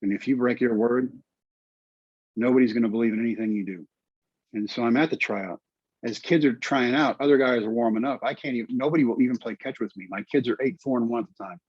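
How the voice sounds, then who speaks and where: A man's voice: mid-range voice, quick pace, husky, no echo. A middle-aged man from Texas telling a personal story in conversation, acting out the lines of the people in it. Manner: animated storyteller acting out dialogue. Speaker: guest storyteller. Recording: dull dry recording.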